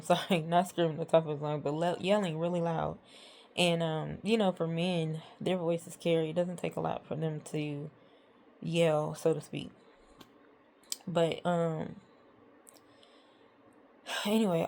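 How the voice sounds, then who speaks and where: Her voice is low-pitched, creaky and darkish, with slight background noise behind it. In a casual storytime monologue, this woman vlogger rambles in exasperation as she recounts what was said during arguments with her partner.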